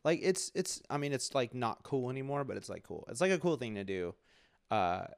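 A man's voice: mid-range voice, lively intonation, fairly quick, vocal fry, no room sound. A man in his late twenties hosting a solo podcast from a bedroom home studio, rambling in a sarcastic, self-mocking way. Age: late 20s. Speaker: podcast host.

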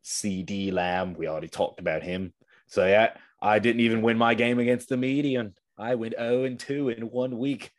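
A swaggering mock-British tough guy, as a man puts him on for a laugh. He swears freely and talks in a lowish register. It stays loose and boisterous, like casual banter among friends. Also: fairly even intonation, normal speed, lightly acted. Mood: mock-indignant. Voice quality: profane, boisterous slang-heavy banter. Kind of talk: casual chat.

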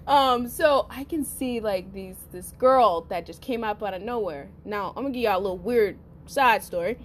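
A woman hosting a podcast, telling a personal story in a casual, profane, animated way and talking straight to her listeners. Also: medium pitch, normal speed, a little hiss or hum. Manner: profane, animated, acts out quotes; addresses listeners as y'all. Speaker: podcast host.

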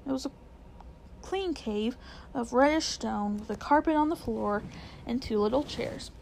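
A woman reads a children's book aloud, gentle and unhurried, fixing the occasional slip. Her voice sits fairly high with a gravelly rasp. There is a faint hiss of room noise behind her. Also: low-quality recording. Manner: gentle, unhurried storytelling with small slips. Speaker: reader.

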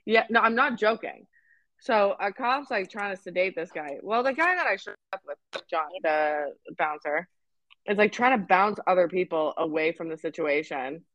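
A woman's voice: on the low side, lively intonation, normal speed, a bit bright, no room sound, highs cut off. A young Canadian woman with a Canadian accent, telling a story on a podcast in casual chat, swearing, laughing and acting out quotes. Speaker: podcast co-host.

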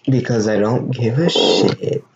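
A man's voice: mid-range voice, measured pace, creaky, noisy background. Defensive young man on a muffled mic. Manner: defensive, protesting. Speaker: podcast host. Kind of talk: casual chat.

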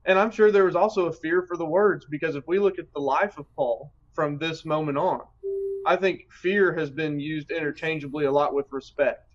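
A man's voice: on the high side, normal speed. A man on a Bible study panel answering thoughtfully and often restarting his phrases. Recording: slightly dull, lo-fi audio.

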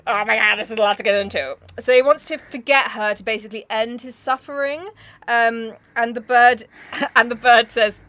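A woman's voice: a little high, expressive, a little fast, fairly bright tone, no room sound. A young woman hosting a casual chat, cheekily joking and swearing while reading a poem aloud. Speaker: podcast host.

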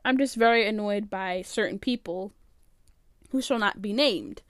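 A woman's voice: mid-range voice, a little slow, no room sound, studio quality. A young woman giving casual, opinionated commentary, rambling with lots of "like" as she goes. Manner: rambling, opinionated, heavy use of "like". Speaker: vlogger.

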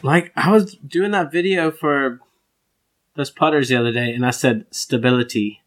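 A man's voice: fairly high pitch, normal speed. Laid-back man, filler-heavy chat. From United States. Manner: relaxed, laughs often, lots of "like" fillers. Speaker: podcast co-host. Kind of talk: casual chat.

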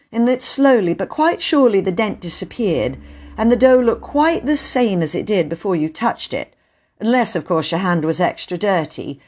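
A woman narrating a classic children's book in an expressive storytelling voice. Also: mid-range voice. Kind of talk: audiobook reading.

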